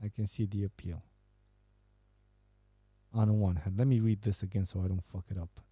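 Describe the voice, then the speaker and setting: A man's voice: fairly low pitch, fairly even intonation, normal speed, mellow, breathy edge, no room sound. A man hosting a podcast, casually reading out and joking about viewer messages, laughing and swearing often. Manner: laughing, profane, banter. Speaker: podcast host.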